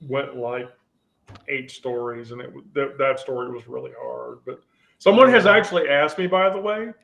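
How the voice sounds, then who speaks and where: A man hosting a relaxed group chat, rambling and often restarting his sentences. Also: mid-range voice, moderate pace, vocal fry. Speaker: host. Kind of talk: casual chat.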